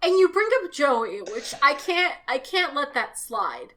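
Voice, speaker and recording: A woman co-hosts a podcast in loose, casual chat. She has a high, bright voice whose pitch swings widely. She swears freely and jumps into riffs and impressions. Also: measured pace. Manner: animated, swearing, riffing with impressions. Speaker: podcast co-host.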